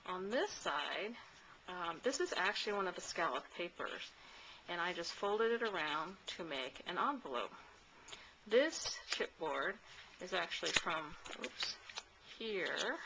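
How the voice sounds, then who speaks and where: A woman giving a casual craft tutorial, chatty and relaxed, with many pauses and fillers as she works. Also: fairly low pitch, background noise. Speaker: crafter demonstrating a mini album.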